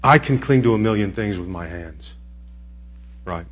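A middle-aged man preaching a sermon as pastor, moving between quiet, intimate pleading and raised, emphatic declarations. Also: fairly low pitch, lively intonation, moderate pace. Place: church sanctuary.

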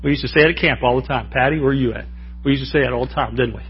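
A man's voice: mid-range voice, fairly even intonation, rapid-fire, breathy edge, muffled recording. A man preaching a sermon in a folksy, joking way, often calling out to the congregation for an amen. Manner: folksy, joking, asks the crowd for amens.

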